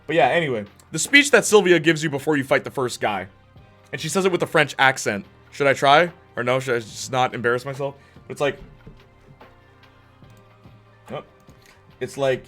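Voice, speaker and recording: A man chatting excitedly and rambling about games on a live stream. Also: medium pitch, fairly quick, faint music behind. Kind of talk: casual chat on a live stream.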